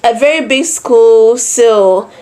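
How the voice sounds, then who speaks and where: High-voiced Nigerian woman telling a story. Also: takes it slowly. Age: 20s. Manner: animated storytelling with repeated phrases and voiced quotes. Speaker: vlogger. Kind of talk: personal storytelling vlog.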